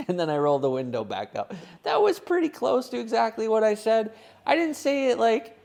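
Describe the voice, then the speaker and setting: Casual co-host, a man with a fairly high voice, swearing as he rambles through a story. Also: big pitch swings, moderate pace, creaky, darkish tone. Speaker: podcast co-host. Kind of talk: casual chat.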